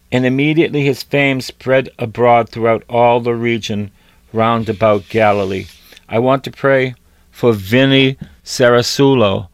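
A man delivers a sermon, reading scripture and repeating lines to drive them home. His voice sits at a middle pitch, recorded close and dry with no room sound. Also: steady tone, a little slow, smooth, no room sound. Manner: repeats phrases for emphasis, reads scripture aloud. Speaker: preacher.

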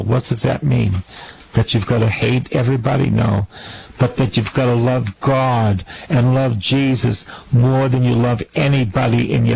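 A man's voice: medium pitch, creaky, a little mellow, slightly rough, rough recording. A man preaching a sermon as a priest, fervent and repeating his phrases for emphasis.

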